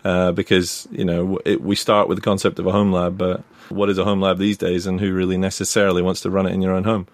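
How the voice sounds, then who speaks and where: A Scottish man talking as a guest on a tech podcast, relaxed and rambling with plenty of fillers. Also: sits low, quick pace, few pauses, no room sound. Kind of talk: casual interview chat.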